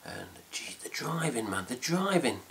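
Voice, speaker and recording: A man's voice: medium pitch, big pitch swings, measured pace, fairly bright tone, slight background noise. A man with an English accent chatting casually to camera about a trip, rambling with fillers and mild swearing. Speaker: fan site vlogger. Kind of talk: casual chat.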